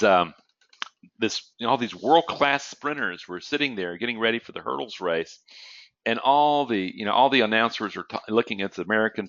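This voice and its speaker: A man's voice: lowish voice, a bit bright, dry recording, muffled recording. A man giving an online lecture on trading psychology, telling stories conversationally and often checking in with "okay?", with an occasional cough. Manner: conversational, storytelling with frequent "okay?" check-ins.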